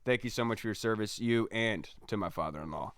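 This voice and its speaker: A man's voice: on the low side, fairly quick, a bit bright, smooth, no echo, studio quality. A man hosting a casual sports podcast, chatty and rambling as he wraps up. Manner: chatty, rambling sign-offs. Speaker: podcast host.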